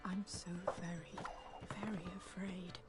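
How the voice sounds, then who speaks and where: Brief: theatrical game character line from a voice actor, played under loud in-game music. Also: medium pitch, level tone, unhurried, lightly acted. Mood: mock fear.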